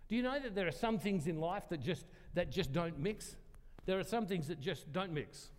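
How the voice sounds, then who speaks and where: A man's voice: high voice, lively intonation, normal speed. A man preaching a sermon, telling a story in a chatty, self-deprecating way and acting out the voices he quotes. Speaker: pastor. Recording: long hall reverb.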